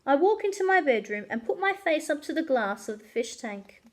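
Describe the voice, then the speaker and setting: Librarian reading to kids, expressive storyteller, high and animated. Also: female voice, moderate pace. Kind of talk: children's story read-aloud.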